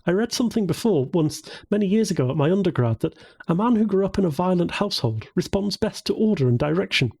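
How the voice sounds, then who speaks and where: A male narrator voicing a cheerful, excitable young woman with a bright, bubbly way of talking. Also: high-pitched, fast, gravelly, husky, pitched above the performer's own voice, full character voice.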